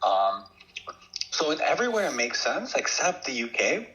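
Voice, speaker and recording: A man's voice: medium pitch, very animated, moderate pace, pushed and bright, low-quality recording. A man co-hosting a podcast in casual chat, hesitant and filler-heavy as he talks it through. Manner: hesitant, many fillers and restarts. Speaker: podcast co-host.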